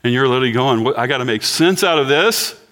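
A man in his sixties gives a sermon in a church at an easy, talky pace. He jokes with the congregation and asks them questions, and his voice sits in a middle pitch. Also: lively intonation, quick pace, a bit bright. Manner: conversational, joking with the congregation. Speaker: pastor.

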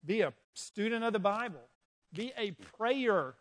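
High pitched guy w/ preaching to a room of young people, lively storytelling. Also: unhurried. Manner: animated, storytelling, urges listeners directly. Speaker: youth pastor. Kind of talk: sermon. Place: indoor room with an audience.

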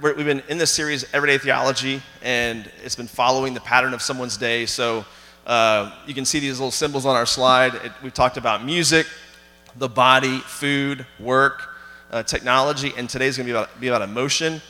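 A man with a bright, forward tone preaches in a church. He keeps it conversational, asking the congregation questions and using plenty of fillers. His voice carries a long reverb through the hall. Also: mid-range voice, steady tone, a little fast. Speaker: pastor. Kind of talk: sermon. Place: church sanctuary.

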